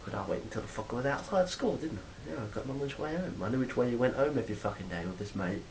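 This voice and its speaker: Guy rambling into his phone at home, swears a lot, bit of low rumble behind. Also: lively intonation, quick pace. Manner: rambling, swears freely, acts out quoted exchanges loudly. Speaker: vlogger. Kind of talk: casual monologue to camera.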